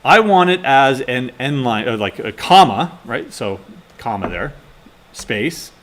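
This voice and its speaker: A man's voice: medium pitch, expressive, unhurried, a bit bright, slight background noise. A man teaching a class, talking through live coding and muttering to himself as he types. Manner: casual, mutters to himself while typing. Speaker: instructor.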